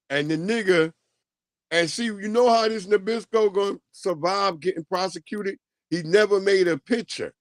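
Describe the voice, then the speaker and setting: A middle-aged New man hosts his livestream in a loose, profane rant, swinging into laughs as he tells his stories. His voice sits a little higher than most men's. The sound is close and dry, with no room around it. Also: dry recording. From New York. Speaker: livestream host.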